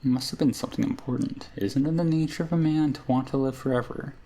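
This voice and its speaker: A man reading aloud the lines of an ancient, scheming female hag from a game, in a gravelly voice. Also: mid-range voice, fast, mellow, slight background noise, lightly acted.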